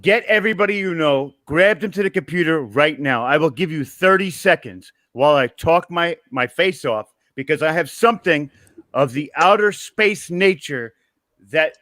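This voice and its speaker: A man's voice: fairly high pitch, sharp tone, no echo. A man hosting a podcast over a video call, building up a news item with dramatic, theatrical announcements. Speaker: podcast host. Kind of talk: casual chat, hyping news.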